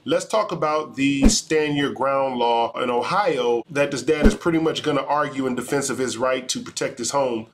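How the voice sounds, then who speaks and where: A man, an attorney, giving measured, explanatory legal commentary on a video. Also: mid-range voice, very noisy.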